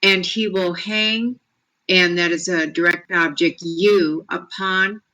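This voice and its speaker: Slow, careful student with a bright voice. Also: medium pitch, fairly even intonation, rough recording. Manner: careful and hesitant. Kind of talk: reading and translating in a lesson.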